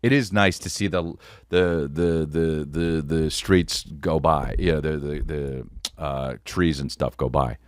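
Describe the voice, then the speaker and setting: A man hosting a podcast, telling a comedic story in an animated, profane way, close to the mic. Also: rumbling low, takes it slowly, dry recording. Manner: animated, profane, peppered with "dude". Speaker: podcast host.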